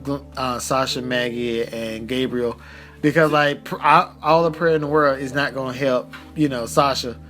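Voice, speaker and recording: A man from the American South co-hosting a podcast, joking around with many fillers and quick laughs. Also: mid-range voice, fairly even intonation, fairly bright tone, faint music behind. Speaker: podcast co-host. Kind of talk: casual chat.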